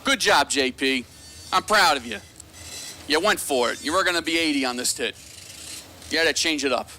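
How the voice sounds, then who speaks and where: High bright guy calling drag races, jokey and excitable, teasing the racers. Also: moderate pace, slight background noise. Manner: joking, excitable, teases racers. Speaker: drag race announcer. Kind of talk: live race commentary. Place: announcer tower at a dragstrip.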